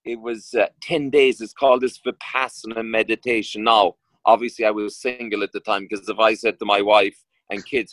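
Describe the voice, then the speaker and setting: Halting Irish man from Kerry. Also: lowish voice, fairly even intonation, fairly bright tone, no room sound, rough recording. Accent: Irish, County Kerry. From Ireland. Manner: rambling, halting with many restarts and fillers. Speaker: actor guest. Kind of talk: casual interview chat.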